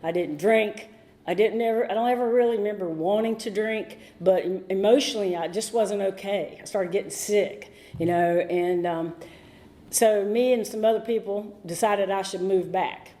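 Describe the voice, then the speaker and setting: A woman's voice: medium pitch, moderate pace, mellow. A middle-aged woman from North Carolina, speaking candidly and a little ramblingly at a recovery meeting. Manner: candid, rambling, emotional at times. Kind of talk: personal recovery talk. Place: meeting room.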